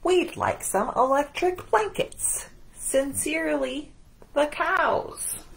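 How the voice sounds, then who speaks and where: A woman's voice: high-pitched, slow, creaky, slight background noise, pitched above the performer's own voice, heavily acted. A woman reading out polite, demanding notes written by a group of cows in a children's picture book. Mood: prim.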